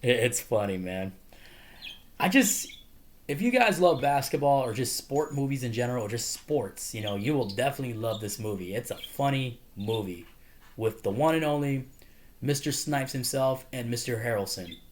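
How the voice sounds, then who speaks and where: A man's voice: mid-range voice, expressive, moderate pace, a little hiss or hum. A man casually talking through a favorite movie, rambling with lots of fillers and frequent laughter. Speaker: movie reviewer. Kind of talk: casual movie review monologue.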